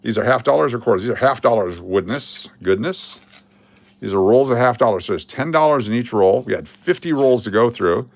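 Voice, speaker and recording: A man hosting a casual live coin-hunting stream, excitable and chatty with his viewers as he sorts rolls of coins. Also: medium pitch, brisk. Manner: excitable, hypes finds, chats with viewers. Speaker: coin roll hunting livestream host.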